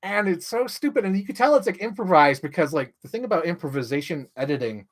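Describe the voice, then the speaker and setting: A young man ranting casually on a livestream, rambling with lots of "like" and jumping up in pitch when he gets excited. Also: fast talker. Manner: rambling, heavy use of "like", restarts mid-sentence; animated, voice jumps up when excited.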